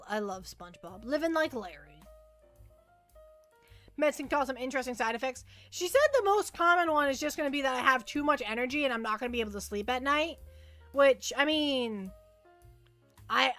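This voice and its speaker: Chatty woman livestreamer, bright voice. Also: sits high, fairly quick, faint music behind. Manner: rambling, repeats words, reads and answers chat. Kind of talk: casual chat with live chat.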